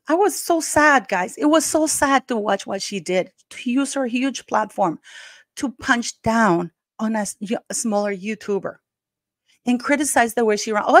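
A woman's voice: mid-range voice, no room sound, studio quality. A woman hosting her own channel, giving heated, emphatic commentary and speaking straight to her viewers as "guys". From Canada. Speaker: YouTube channel host.

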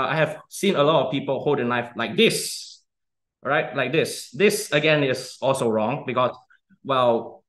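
A man's voice: mid-range voice, fairly bright tone. A young man giving a casual cooking demonstration, chatty and often checking in with "okay?". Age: young adult.

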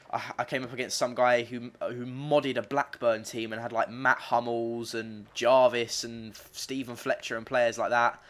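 A man commentating on his own football video game play, swearing and getting frustrated with opponents. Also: medium pitch. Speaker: gaming commentator. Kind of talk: gameplay commentary.

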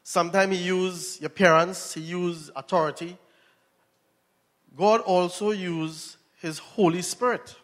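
A man's voice: sits high, steady tone, takes it slowly, fairly bright tone. A Trinidadian man preaching a sermon, telling a story and asking his listeners questions. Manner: storytelling, asks the audience questions. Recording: long reverb in a hall.

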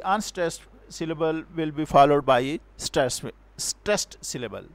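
A male teacher giving a recorded poetry lecture, talking slowly and haltingly, restarting words and sounding out syllables and stresses aloud. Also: fairly high pitch, no echo. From Pakistan.

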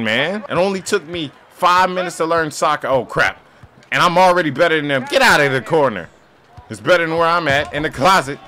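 A young man gaming on camera and commentating his soccer match, joking, trash-talking the players and breaking into sudden yelling outbursts. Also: fairly high pitch. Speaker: gaming YouTuber. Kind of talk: playing a soccer game and commentating.

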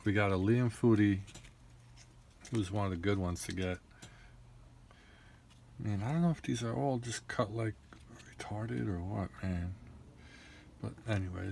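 A man's voice: lowish voice, measured pace, creaky, long pauses, a little mellow, a little hiss or hum. A young man casually opening trading card packs, rattling off names and grumbling in frustration.

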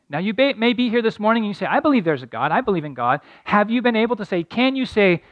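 A man's voice: high-pitched, big pitch swings, fast, few pauses, dry recording, dull audio. A middle-aged man preaching a sermon as pastor, telling a story earnestly and building to emphatic points.

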